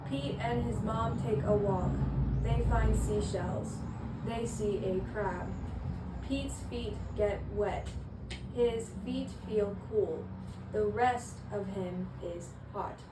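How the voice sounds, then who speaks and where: A woman's voice: medium pitch, takes it slowly. A woman reading a children's picture book aloud in different practice voices, hesitant and self-conscious. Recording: echoey room with faint ambient noise.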